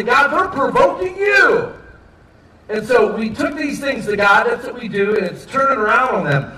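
A man preaching a sermon, moving between soft, quiet asides and loud, emphatic peaks. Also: high-pitched, far from the mic, slight background noise. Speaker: pastor. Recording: echoey room, voice off-mic with faint ambience.

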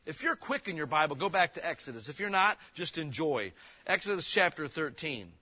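Male pastor, conversational joking sermon, punchy emphasis, high bright tone. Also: big pitch swings, husky. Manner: casual, joking preaching with emphatic bursts; reads King James verses slowly.

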